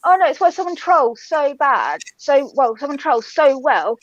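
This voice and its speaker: A woman's voice: high voice, big pitch swings, normal speed, dry recording, muffled recording. A woman talking in a casual online chat, rambling with fillers and swearing freely. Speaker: panelist.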